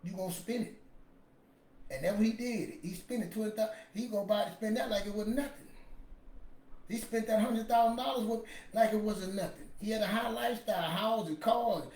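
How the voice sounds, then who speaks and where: A man's voice: high-pitched, brisk, darkish tone, recorded from a distance. A man, casually telling a motivational story in a rambling, emphatic way. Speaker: podcast host. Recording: echoey room with faint ambience.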